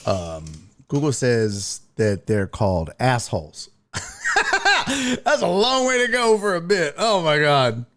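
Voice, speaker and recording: A man's voice: fairly high pitch, huge pitch swings, takes it slowly, fairly bright tone. A man hosting a casual live-stream talk show, reading chat messages and riffing with profanity and laughter.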